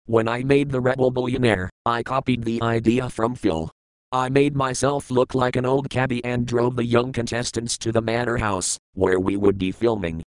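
Smooth-voiced male audiobook narrator. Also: medium pitch, flat delivery, no echo, rough recording. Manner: measured, plain storytelling. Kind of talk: first-person audiobook narration.

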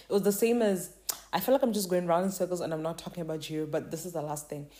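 Casual vlogger, woman, mellow lowish voice, rambling slangy delivery. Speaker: K-pop reviewer. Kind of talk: casual talk to camera.

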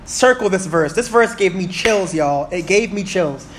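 A high-voiced man in his thirties delivers an animated sermon in a church. He reads scripture aloud slowly and throws questions out to the congregation. A faint hum of the room sits behind him. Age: 30s. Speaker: preacher.

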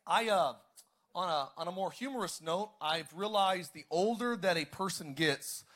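A man preaching a sermon as pastor, calling out to the congregation and rising to shouts. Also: high voice, normal speed. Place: church service, streamed online.

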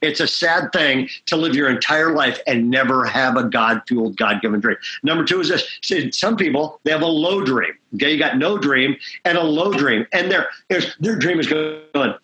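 A man's voice: fairly high pitch, moderate pace, hardly any pauses, sharp tone, rough recording. A middle-aged man preaching as a pastor, telling stories with energy and checking in with frequent asides. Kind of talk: sermon talk at a conference.

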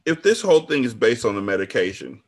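A man hosting a book club podcast, reacting to the story with animated exclamations and drawn-out remarks. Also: mid-range voice. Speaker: podcast host.

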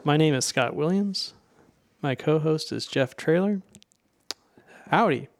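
A man's voice: a little high, expressive, measured pace. A man hosting a casual podcast chat, joking and asking questions. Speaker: podcast host.

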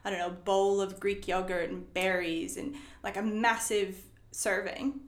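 A woman's voice: medium pitch, level tone, a little slow, roomy sound. A woman chatting as an interview guest, hesitant and full of "like". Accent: non-Australian, faintly Australian-tinged. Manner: chatty, hesitant, uses "like" often. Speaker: guest, coaching client. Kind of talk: casual interview chat.

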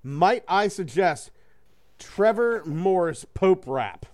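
A man's voice: high-pitched, extremely slow. A man co-hosting a casual talk show, rambling and swearing as he retells a comedy bit, laughing often. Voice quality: animated storyteller, breaks into voices for quotes. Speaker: podcast co-host. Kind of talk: casual chat.

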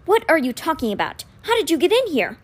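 A woman's voice: extremely high pitch, big pitch swings, fast talker, pitched above the performer's own voice. A woman reading a storybook aloud, voicing a suspicious, rule-bound teenage boy who speaks coldly and curtly. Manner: cold, curt.

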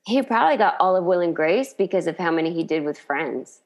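A woman's voice: lowish voice, lively intonation, a little fast. A woman in casual chat, animatedly retelling a sitcom scene and laughing often.

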